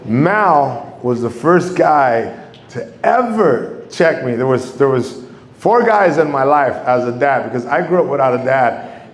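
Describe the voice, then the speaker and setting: A middle-aged man, telling stand-up stories on a comedy club stage. He rambles, swears a lot and acts out quoted voices. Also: medium pitch. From Mexico. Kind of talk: stand-up storytelling. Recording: echoey club room.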